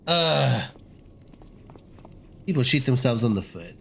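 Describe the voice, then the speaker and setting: Low-ish guy rambling over a game, self-deprecating and chatty. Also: fast, gravelly, long pauses, a bit bright, slight background noise. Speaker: gaming streamer. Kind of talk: casual gameplay commentary.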